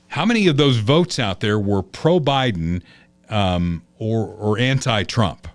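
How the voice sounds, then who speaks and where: A man's voice: on the low side, expressive, measured pace, no echo. A man hosting a political talk podcast, chatty and opinionated, telling stories as he goes. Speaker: podcast host.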